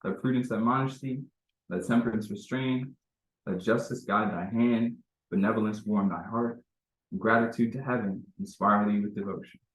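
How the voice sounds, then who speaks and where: Low-voiced man reading scripture solemnly. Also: fairly even intonation. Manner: measured, solemn recitation. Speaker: temple member reading scripture. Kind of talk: scripture reading at a religious meeting. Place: temple meeting hall. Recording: echoey room.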